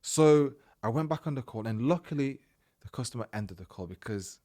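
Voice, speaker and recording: A man hosting a podcast, telling a personal story in a casual, animated way and acting out the dialogue. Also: mid-range voice, fairly quick. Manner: animated, retells events by acting out quoted dialogue. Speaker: podcast host.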